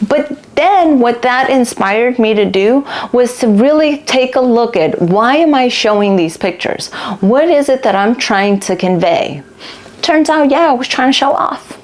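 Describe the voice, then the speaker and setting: A woman's voice: a little high, animated, a little slow. Chatty, candid woman talking self-help. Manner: chatty, candid, swears casually, acts out quoted people. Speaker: podcast host. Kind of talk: casual spiritual self-help talk.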